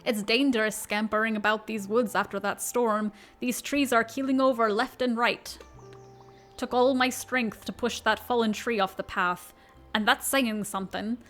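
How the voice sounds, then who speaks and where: A woman voicing a burly, cheerful game character, a Scottish man in a kilt, with a put-on Scottish accent and a loud, hearty delivery. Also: steady tone, normal speed, faint music behind, close to an everyday voice. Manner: hearty, booming, self-consciously hammy.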